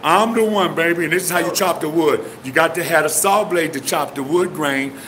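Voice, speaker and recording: Bright, boastful man showing off gear. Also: on the high side, a little fast, slight background noise. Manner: boastful, directing others, repeats phrases. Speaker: custom airbrush painter showing his products. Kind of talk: casual on-camera demo. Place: outdoors near trees.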